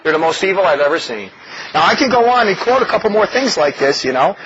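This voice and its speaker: A man preaching a sermon in an animated, mocking way, often laughing as he talks. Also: high-pitched, fast. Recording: dull lo-fi recording with faint noise.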